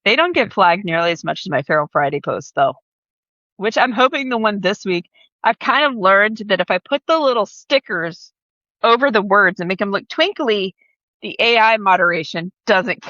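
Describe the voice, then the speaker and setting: A woman's voice: medium pitch, expressive, moderate pace, sharp tone, dry recording. A woman from the American South, a guest author in a casual podcast interview, talking bluntly with lots of laughter and a mostly toned-down Southern accent. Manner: chatty, blunt, laughs often. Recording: dull, slightly lo-fi audio.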